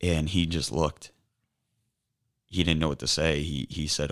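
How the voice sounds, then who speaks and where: Very deep-voiced man telling a harrowing story. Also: steady tone, a bit bright. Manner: earnest, halting retelling with repeated restarts. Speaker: podcast guest. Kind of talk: emotional personal storytelling.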